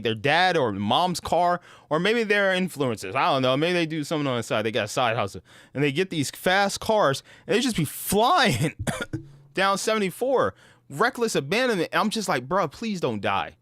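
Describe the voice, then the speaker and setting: Casual host, male, fairly high voice, dry close sound, swears a lot and acts out sounds. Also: a bit bright, no echo. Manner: slangy and profane, peppered with "bro" and "dude". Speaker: gaming channel host. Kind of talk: casual storytelling to camera.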